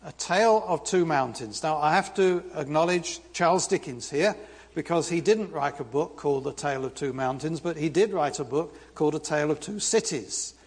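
A British man preaching a sermon in a church, reading scripture with lively, humorous asides. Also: a little high, normal speed, slightly rough, in a large hall. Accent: British English. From Britain.

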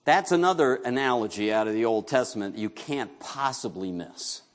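A man's voice: medium pitch, animated, normal speed. A man from New York preaching a sermon as pastor, talking conversationally, asking the congregation questions and joking with them.

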